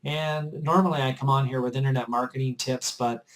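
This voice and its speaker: A man's voice: mid-range voice, steady tone, a little fast, slight background noise, rough recording. A man vlogging, earnestly telling a personal story in a chatty, repetitive way. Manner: earnest and chatty, often repeats himself. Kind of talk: casual storytelling to camera.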